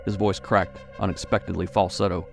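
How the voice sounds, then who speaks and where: A man narrating a horror audiobook in a measured, suspenseful way. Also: sits low, level tone, vocal fry, soft background music.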